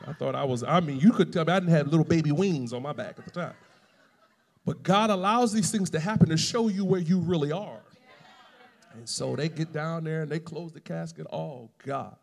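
Gravelly-voiced male preacher in a hall. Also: fairly high pitch. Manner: animated, builds to loud emphatic preaching. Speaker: pastor. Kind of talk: sermon with personal storytelling.

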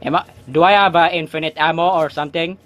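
A young man commentating a horror game as he plays, yelping, shouting and joking, then dropping into low mutters. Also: quick pace, background noise. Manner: excitable, yelps and shouts, joking asides; drops to a low, muttering aside between outbursts. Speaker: gaming YouTuber. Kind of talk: let's play commentary.

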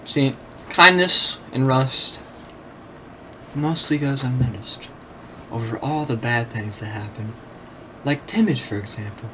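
A young man giving casual commentary over his own gameplay, excitable, laughing often and swearing freely. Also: medium pitch, a little slow, long pauses, slight background noise. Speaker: gameplay video creator.

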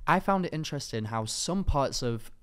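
A man's voice: mid-range voice, animated, normal speed, fairly bright tone, clear, resonant tone. Male co-host, rambling and giggly, clean resonant tone. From Britain. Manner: rambling, giggly, lots of fillers and restarts. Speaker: podcast co-host. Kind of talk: casual chat.

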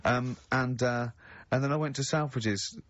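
A radio host chats loosely and tells long rambling stories. His voice is mid-pitched and sits close and dry, with a slightly dull, muffled sound. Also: normal speed, a bit bright, no room sound. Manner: rambling anecdotes, frequent laughter. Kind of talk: casual chat.

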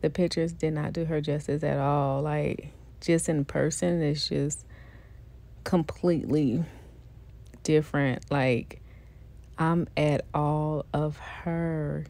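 A woman chatting excitedly to viewers as she unboxes a doll, gushing and repeating her praise, with features. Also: sits low, takes it slowly. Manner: gushing, repeats herself, talks to viewers directly.

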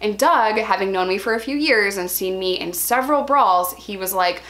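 Her voice is mid-range and moderately paced as this thirtysomething vlogger recounts something personal in a casual, chatty way. She leans on "like" fillers and gets animated, raising her voice to act out quotes.

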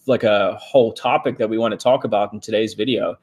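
A man co-hosting a casual live stream, talking in a relaxed, chatty way with plenty of ums and likes. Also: on the low side, quick pace.

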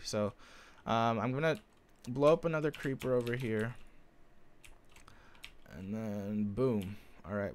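A young man giving live commentary on his own gameplay, calm one moment and yelling with excitement the next. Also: mid-range voice, smooth. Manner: excitable, swings between calm narration and shouting. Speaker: gaming video host.

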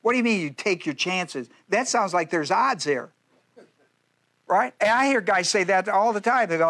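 High-voiced joking preacher man. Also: expressive, fairly bright tone. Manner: folksy, joking preaching with quick asides. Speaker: pastor. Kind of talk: sermon.

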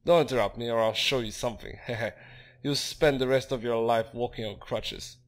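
A man's voice: mid-range voice, brisk, lightly acted. Man doing a greedy chuckling jailer. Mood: sneering. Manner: sneering, chuckles heh heh. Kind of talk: fan reading of game dialogue.

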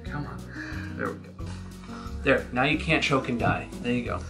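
Lively playful man unboxing dog toys. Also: mid-range voice, moderate pace, gravelly, soft background music. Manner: chatty, playful, coaxes the dog. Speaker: co-host unboxing a dog subscription box. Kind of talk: casual unboxing chat.

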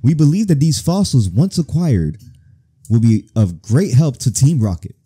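A man's voice: mid-range voice, very animated, normal speed, husky, pitched above the performer's own voice. A man voicing a bossy male gang commander briefing grunts in a game playthrough. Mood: commanding. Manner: loud and commanding.

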